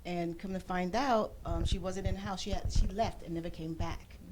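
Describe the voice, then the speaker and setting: A woman talk show guest giving an animated personal testimony, acting out the voices she quotes and using churchy phrasing. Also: fairly low pitch, normal speed, noisy background.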